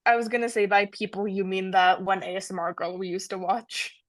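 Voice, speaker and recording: A woman's voice: mid-range voice, fairly even intonation, a little fast. A young woman co-hosting a casual podcast, easygoing, swearing and laughing with a friend. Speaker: podcast co-host. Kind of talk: casual chat.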